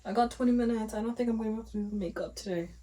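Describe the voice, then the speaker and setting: A woman's voice: a little high, rapid-fire, warm tone, low-quality recording. A woman vlogging at home as she gets ready, chatting casually and thinking aloud to herself. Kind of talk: casual rambling narration.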